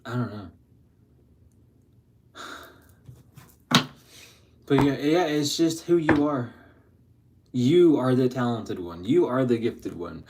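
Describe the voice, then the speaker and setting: A man's voice: slow pace, pauses often, background noise. Chatty, profane man giving a tarot reading. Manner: chatty, slangy and profane, laughing often; drifts between loud excited bursts and low mutters. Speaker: tarot reader. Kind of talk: casual spiritual tarot reading.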